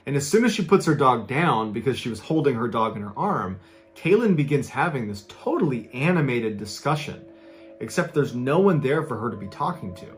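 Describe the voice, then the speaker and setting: A man with a mid-range voice tells a true story with dramatic emphasis. He slows down to build tension and lifts his voice to act out what people said. His delivery is steady and practiced. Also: faint music behind. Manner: emphatic narration, acts out quoted speech with raised pitch. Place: played from an original video inside a reaction video.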